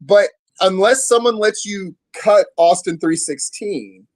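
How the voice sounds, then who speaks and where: A man hosting a casual interview podcast, telling stories in an animated, profane way. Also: high voice, slow pace, no echo. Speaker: podcast host.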